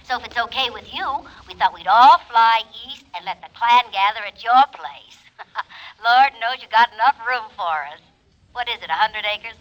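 An actress playing a cheerful middle-aged daughter speaking over a telephone, bubbly and laughing. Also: female voice, fairly high pitch, moderate pace, a bit bright, poor audio.

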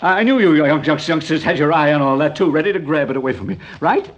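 An actor playing a paranoid, bitter older man who rants and stammers, lurching between loud outbursts and hushed mutters, in a radio drama. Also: a little high, fast talker, muffled recording, close to an everyday voice. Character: bitter paranoid old man, armed, hoarding.

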